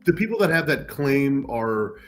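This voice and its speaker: A man's voice: medium pitch, sing-song, moderate pace, a bit bright, soft background music. A man talking on a casual podcast in an easygoing, matter-of-fact way.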